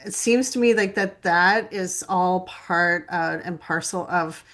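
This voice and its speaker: A woman's voice: on the low side, a little slow, a bit bright. A woman hosting a podcast interview, enthusiastic and self-deprecating, laughing often between questions. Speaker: podcast host.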